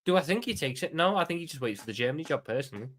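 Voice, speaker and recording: A man's voice: on the high side, lively intonation, very fast, fairly bright tone. A man with a Scouse accent, co-hosting a football watchalong in casual, sweary, joking banter. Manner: blunt, sweary, jokey banter. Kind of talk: casual chat.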